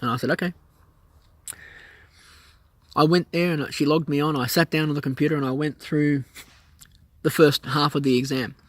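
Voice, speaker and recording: A man telling a personal story in a casual vlog, animated and acting out the voices of people in it. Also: fairly high pitch, moderate pace, long pauses, no echo. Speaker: vlogger, pilot.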